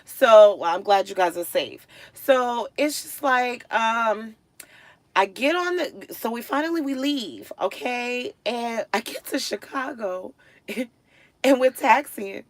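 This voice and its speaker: Speaking slowly with no echo, a live-streaming woman tells her audience a casual story. Her delivery is lively, swinging from quiet muttering to loud, fed-up outbursts.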